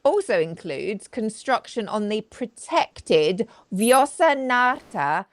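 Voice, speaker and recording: A woman's voice: a little high, very animated, slow pace, dry recording. A woman hosting a live stream, giving sarcastic, chatty commentary and talking straight to her audience. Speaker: host. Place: home studio, live video.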